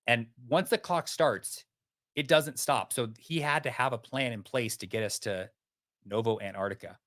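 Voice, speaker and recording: Animated male podcast guest, dry close mic. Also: medium pitch, moderate pace, no echo. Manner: animated, vivid storyteller. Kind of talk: storytelling in an interview.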